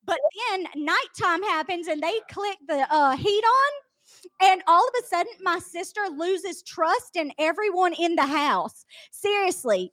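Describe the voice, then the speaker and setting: A woman with a very high, bright-pitched voice tells a story in a casual podcast chat. She is animated and laughs along the way. The mic is close and dry, with no room sound. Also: dry recording. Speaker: podcast co-host.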